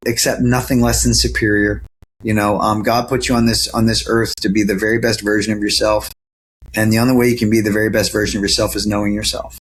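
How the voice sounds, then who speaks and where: A man's voice: lowish voice, slight background noise. A man being interviewed as a guest actor, talking earnestly in casual chat with lots of fillers and restarts over a video call from home. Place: home, sitting near a camera.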